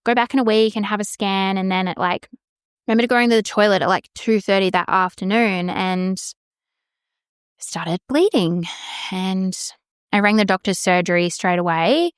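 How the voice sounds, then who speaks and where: A woman shares a hard personal story on her podcast, candid and unfiltered, swearing freely. Her voice is smooth and clear at a middling pitch, recorded close and dry with no room sound. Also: steady tone, normal speed, no room sound. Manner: frank, swears freely, acts out quoted exchanges. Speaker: podcast host.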